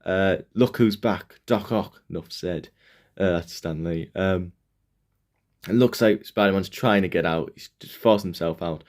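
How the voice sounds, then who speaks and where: Low-voiced man rambling about comic covers. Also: darkish tone. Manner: rambling, hesitant, full of fillers and restarts. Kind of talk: casual solo commentary.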